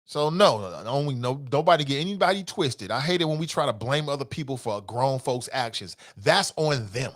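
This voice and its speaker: A man's voice: medium pitch, expressive, brisk, hardly any pauses, fairly bright tone. A man hosting a casual morning talk show, speaking off the cuff, often laughing and slipping into quoted voices. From Cincinnati area.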